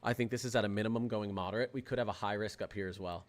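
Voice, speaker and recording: A young man hosting a live weather stream, talking in an excitable, rambling way with lots of fillers and restarts. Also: lowish voice, racing. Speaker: weather livestream host. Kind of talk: casual livestream commentary.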